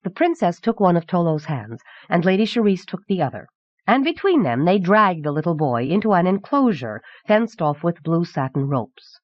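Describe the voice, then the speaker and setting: A woman's voice: fairly low pitch, big pitch swings, moderate pace, no echo. Woman narrating on dull cassette. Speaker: audiobook narrator. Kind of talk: scripted narration. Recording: dull, dry old cassette recording.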